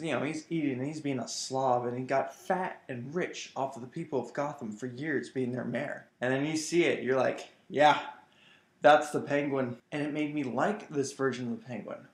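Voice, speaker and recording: A man's voice: a little high, darkish tone, echoey room. Enthusiastic, rambling male reviewer. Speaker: comic book reviewer. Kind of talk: casual vlog review.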